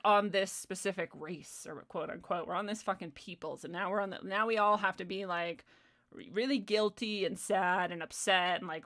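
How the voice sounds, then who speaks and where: A woman's voice: medium pitch, a bit bright. A young adult woman hosting a livestream, ranting in a heated, profane way with sarcastic asides. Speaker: livestream host. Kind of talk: casual commentary monologue.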